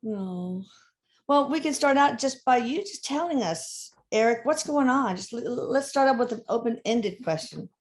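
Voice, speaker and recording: A woman's voice: on the high side, expressive, normal speed, a little mellow. An older woman hosting an interview, talking earnestly in a rambling, casual way. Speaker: host.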